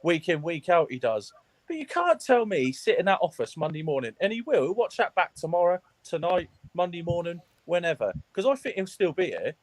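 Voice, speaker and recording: A guest fan calls into a football fan show in a heated rant, furious and blunt, swearing and mocking the team. His voice is high, very animated, and brisk.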